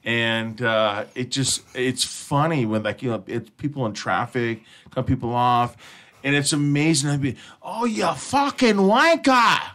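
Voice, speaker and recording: A man's voice: mid-range voice, fairly even intonation, unhurried, a bit bright. A man hosting an internet radio show, chatting casually with his co-hosts, laughing often, rambling and swearing freely. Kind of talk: casual chat.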